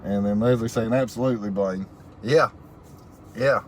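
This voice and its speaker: A man's voice: lowish voice, normal speed, a little mellow, slight background noise. A man hosting a casual live stream, reading viewer comments aloud and laughing often in a folksy way. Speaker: livestream host reading viewer chat.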